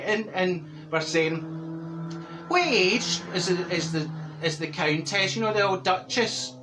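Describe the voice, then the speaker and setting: A man's voice: on the high side, background noise, lightly acted. A man voicing a chatty, brash middle-aged Glasgow woman with a Glaswegian Scottish accent, telling gossipy stories to camera in an exaggerated comic manner. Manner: gossipy, exaggerated, bursts of laughter, theatrical outbursts. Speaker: comedy character monologue. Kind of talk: comic character monologue to camera.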